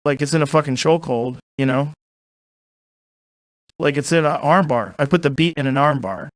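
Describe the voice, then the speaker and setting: A young man doing a comic podcast parody, rambling and agreeing with himself in quick banter. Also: a little high, no room sound. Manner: rambling, self-agreeing banter in two voices. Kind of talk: improvised comic podcast and freestyle rap. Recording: loud hip hop beat behind.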